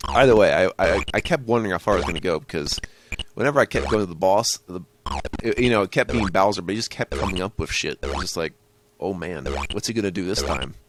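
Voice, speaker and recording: Rambling low-voiced male gamer. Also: animated, quick pace, background noise. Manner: rambling, joking, swearing tangents. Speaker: gaming channel host. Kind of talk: let's play commentary.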